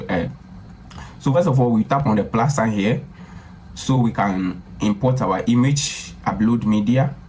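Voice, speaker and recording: A casual man hosts a screen-recorded software tutorial, walking through it in a repetitive way and repeatedly calling viewers "guys." His voice is lowish and a little mellow, with a little hiss or hum in the audio.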